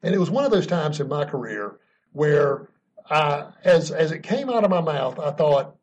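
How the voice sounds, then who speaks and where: A man's voice: on the high side, animated, moderate pace, darkish tone, lo-fi sound, slight background noise. A man telling a story in an earnest, emphatic way, chuckling now and then, as a guest being interviewed about leadership. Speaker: podcast guest speaking on leadership.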